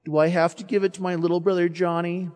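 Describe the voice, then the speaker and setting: A man putting on a small seven-year-old boy with a high, childlike voice, whining and bargaining to get his way. He is heard in a hall with a long, ringing reverb. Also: flat delivery, fast, a little mellow, close to an everyday voice. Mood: pleading. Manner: pleading, wheedling, childish.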